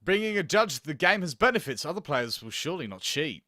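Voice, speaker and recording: A sly male politician from a historical game coaxes and needles in a lowered, smooth voice, as a man reads him aloud. The tone is bright and dry. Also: big pitch swings, fast, no echo. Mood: coaxing. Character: sly male politician urging a dice night.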